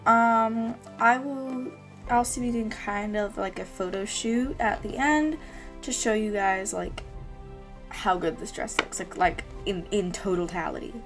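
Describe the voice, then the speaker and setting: A young woman hosting a casual unboxing vlog, gushing and excitable, gasping and saying "like" a lot. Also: mid-range voice, a little slow, faint music behind. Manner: gushing and excitable, with gasps and many "like"s. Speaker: channel host.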